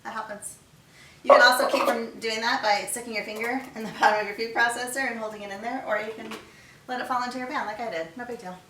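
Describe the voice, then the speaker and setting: A middle-aged woman chef talks her way through a home cooking demo, chatty and relaxed. She sounds a little far from the mic in an echoey kitchen. Pots, pans and cutlery clink behind her. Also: on the high side, quick pace, background noise. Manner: chatty, talks to herself while working. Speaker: chef hosting a cooking video. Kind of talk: casual cooking demonstration.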